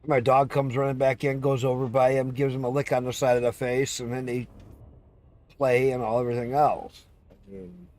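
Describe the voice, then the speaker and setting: Speaking at normal speed with a mid-range, slightly mellow voice and fairly even intonation, a man chats casually on a live stream. He tells long, wandering stories about his pets, curses freely, and breaks into little meows and dog impressions.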